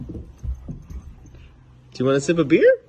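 A woman's voice: deep voice, huge pitch swings, unhurried, dark tone. Woman cooing baby talk at her dog. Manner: doting baby talk with frequent laughter. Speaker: dog owner filming her dog. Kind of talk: casual home video talk to a pet.

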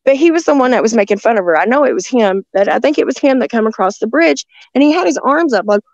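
Fast and animated, a woman with a fairly high pitch and darkish tone recounts encounters as a guest, rambling, restarting sentences, and laughing often. The dry recording has a dull lo-fi quality.

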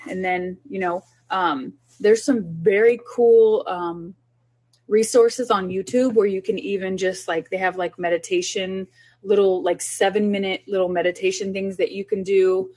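A woman's voice: medium pitch, steady tone, moderate pace, a little mellow, husky. A middle-aged woman, a child development specialist, giving down-to-earth parenting advice in an informal talk, earnest and often repeating herself.

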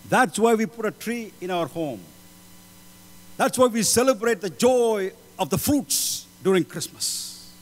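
A man preaching a sermon, swinging between loud pleading passages and low, solemn lines. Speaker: pastor. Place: church hall. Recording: hall reverb with mains hum.

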